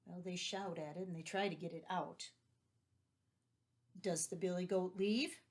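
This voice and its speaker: A woman's voice: lowish voice, fairly even intonation, unhurried, darkish tone. A woman teacher reading a children's story aloud and patiently explaining vocabulary and asking questions. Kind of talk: read-aloud vocabulary lesson.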